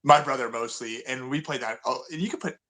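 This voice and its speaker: A man's voice: mid-range voice, brisk, a crowd in the background. A man co-hosting a podcast, chatting easily about old video games with frequent restarts. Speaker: podcast co-host. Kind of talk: casual gaming chat.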